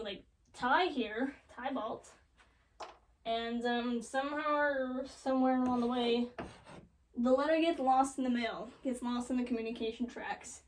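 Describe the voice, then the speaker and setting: Young woman, high voice, sarcastic, valley-girl casual, slightly distant mic. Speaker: comedic storyteller. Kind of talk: joking retelling of a classic play.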